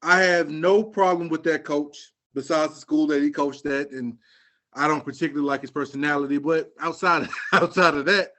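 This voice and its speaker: Animated man ranting casually about sports. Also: fairly high pitch, normal speed. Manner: animated rant, slangy and joking. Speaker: podcast co-host.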